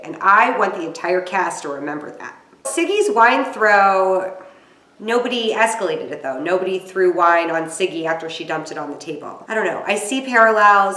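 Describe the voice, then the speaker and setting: A woman's voice: lowish voice, a bit bright. A woman giving casual commentary to camera as she recaps a reality TV episode, chatty and exclamatory, with wry asides. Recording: roomy echo.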